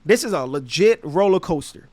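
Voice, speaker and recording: A man, casually telling a story on his podcast in an animated, slangy way. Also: high voice, moderate pace, no echo. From Brooklyn, New York. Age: 30s. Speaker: podcast host.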